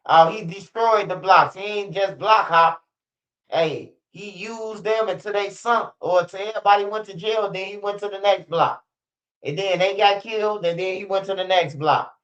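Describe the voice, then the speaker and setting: A man's voice: high voice, moderate pace, fairly bright tone. A young man ranting casually to his viewers on a stream, with loose, profane street slang and lots of repetition. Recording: dull lo-fi stream audio.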